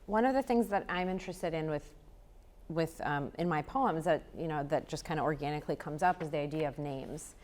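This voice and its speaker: A woman poet with a somewhat low voice reads her work aloud. Her introductions are loose and full of fillers, and her poems turn into rhythmic, chanted repetitions. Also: brisk, a little mellow, a little hiss or hum. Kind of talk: poetry reading with spoken intros.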